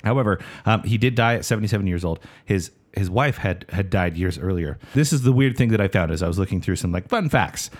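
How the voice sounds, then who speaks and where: A man's voice: sits low, lively intonation, fast talker, hardly any pauses. A man co-hosting a casual podcast, telling a history story in a loose, joking way. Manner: loose, meandering, with dry jokes. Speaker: podcast co-host. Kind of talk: casual chat.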